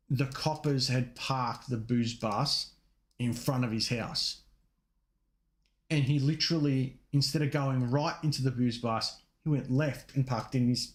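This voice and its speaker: Australian man, podcast co-host, casual storytelling, slips into quoted voices, mid-pitched. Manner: rambling anecdotes with quoted voices, casual swearing.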